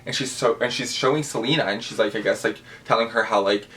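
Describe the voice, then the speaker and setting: A man's voice: on the low side, fast talker. Gushing young man. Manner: gushing, animated, with many fillers. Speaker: vlogger. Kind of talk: casual storytime vlog.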